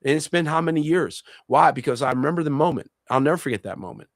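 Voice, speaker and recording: A man's voice: fairly high pitch, animated, quick pace, no room sound. Middle-aged Puerto Rican man, co-host and minister, emphatic testimony, dry close sound. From Puerto Rico. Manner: passionate, emphatic, repeats key phrases. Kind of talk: religious discussion with personal testimony.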